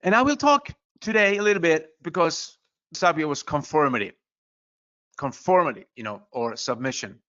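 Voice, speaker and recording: A man with a high, bright voice gives an earnest motivational talk. He presses his points and keeps tossing in "you know" asides. The recording sounds slightly dull and lo-fi. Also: animated, moderate pace. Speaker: motivational speaker.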